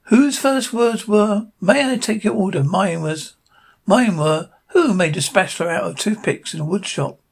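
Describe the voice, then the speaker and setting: A man voicing an eager young male sea sponge who wants to be a fry cook, with a husky, excitable voice. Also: high voice, full character voice. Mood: anxious. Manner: excitable, rapid, overeager.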